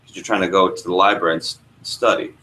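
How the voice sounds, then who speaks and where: A young male trainer speaks to a live room of trainees in a slightly low voice. He tells stories and keeps asking the group questions. A faint hum of room noise sits under him. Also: fast talker, rough recording. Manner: lively storyteller, asks the room questions. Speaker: sales trainer. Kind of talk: workshop teaching with a story.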